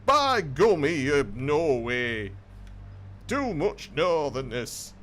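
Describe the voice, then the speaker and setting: A man's voice: a little high, big pitch swings, very slow, a bit bright, a little hiss or hum, heavily acted. A man putting on an exasperated northern English man in a theatrical, over-the-top way. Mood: panicked. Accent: northern English, put on.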